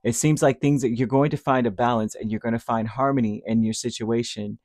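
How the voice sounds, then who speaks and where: A man's voice: medium pitch, fairly even intonation, fairly quick, darkish tone, no room sound, studio quality. A man giving a casual, rambling tarot reading, who acts out little voices as he talks. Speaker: tarot reader.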